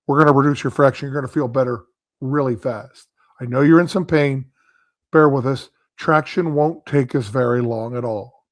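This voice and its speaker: A man voicing a cheerful, reassuring young male resident doctor in a spoken anecdote, with upbeat, hurried delivery. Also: medium pitch, dry recording, clean studio sound, natural voice.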